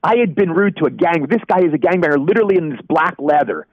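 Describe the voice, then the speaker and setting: A man in his sixties telling animated anecdotes as an actor in a casual interview, acting out the people he quotes. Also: fairly high pitch, quick pace, no echo. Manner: animated anecdote teller, acts out quoted voices. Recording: dry, dull lo-fi audio.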